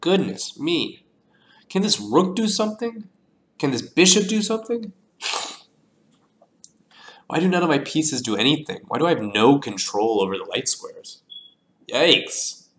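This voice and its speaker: A man's voice: a little high, sing-song, a bit bright. A man thinking aloud as he works through chess moves, muttering and mocking himself, with a cough now and then. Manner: slow, muttering, self-deprecating. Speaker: chess streamer analyzing a position.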